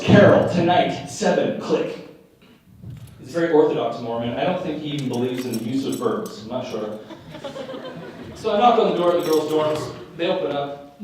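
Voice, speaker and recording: A man's voice: on the high side, a little mellow, far from the mic, a little hiss or hum. A man performing live stand-up, telling wry, self-deprecating stories before an audience. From Utah. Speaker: stand-up comedian. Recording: echoey live room, mic picks up from afar.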